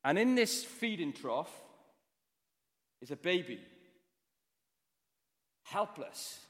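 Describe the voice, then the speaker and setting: A Welsh man giving a storytelling sermon, moving between hushed, quiet passages and loud, forceful ones. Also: on the high side, sing-song, unhurried, long reverb tail. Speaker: preacher. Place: church.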